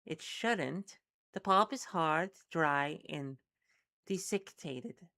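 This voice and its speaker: A woman voicing a calm, clinical doctor who sounds brisk, measured and reassuring. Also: low-pitched, full character voice. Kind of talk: reading a webcomic aloud with voices.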